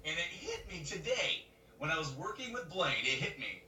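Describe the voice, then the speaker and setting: A man co-hosting a podcast, telling a story in casual chat, animated and laughing as he acts out other people's lines. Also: a little high, moderate pace. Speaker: podcast co-host. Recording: roomy webcam mic from a distance, faint noise.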